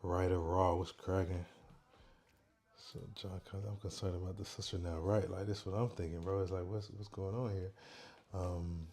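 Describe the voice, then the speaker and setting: A low, warm male voice, hosting a casual livestream. He talks softly and calmly into a neck-worn mic, reading out chat messages in an easygoing way. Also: normal speed. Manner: soft, quiet, chill talk, reading chat aloud. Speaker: livestream host. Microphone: microphone worn on the neck.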